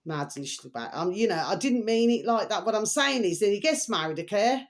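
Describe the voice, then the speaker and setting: A woman's voice: medium pitch, lively intonation, a little fast. A middle-aged woman rambling in a casual, emotional monologue to her viewers, full of repeated pet phrases. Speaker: vlogger.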